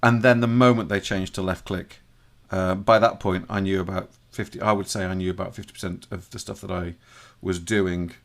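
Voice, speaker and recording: Rambling low-voiced English man. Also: fairly even intonation, a little fast, hardly any pauses. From Shropshire, England. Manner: rambling, with frequent restarts and self-corrections; jokey teasing banter. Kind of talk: casual podcast chat.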